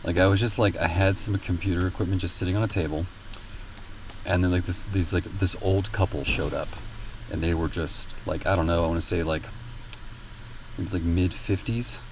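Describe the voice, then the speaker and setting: A man's voice: low-pitched, fairly even intonation, normal speed, far from the mic, slight background noise, poor audio. A man streaming and chatting casually with viewers, rambling with many fillers and a lot of swearing. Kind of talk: casual chat with viewers while gaming.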